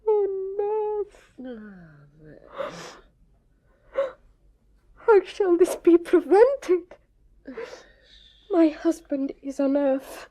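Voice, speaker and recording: A woman's voice: very high-pitched, animated, drawn-out words, pauses often, warm tone, exaggerated voice. A tearful young noblewoman. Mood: despairing. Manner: tearful, pleading. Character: young noble girl, desperate and defiant daughter. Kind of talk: 1970s radio drama acting.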